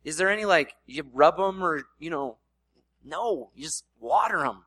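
A man's voice: a little high, animated, moderate pace, pushed and bright, no room sound. A man preaching a sermon in a casual, conversational way, slipping in playful voiced asides. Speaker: pastor.

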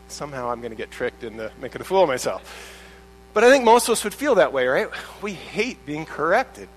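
A man's voice: fairly high pitch, a bit bright, poor audio. A man preaching a sermon as a pastor, in a conversational way with many restarts and acted-out quotes.

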